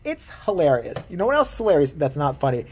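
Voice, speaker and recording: A vlogger ranting casually to camera in a profane, animated way, laughing often. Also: medium pitch, fast, slight background noise.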